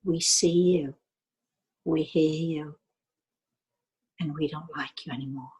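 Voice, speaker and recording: A woman voicing a solemn little spirit boy, speaking slowly and repetitively in a soft, hushed way. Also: low voice, fairly even intonation, slightly rough, full character voice.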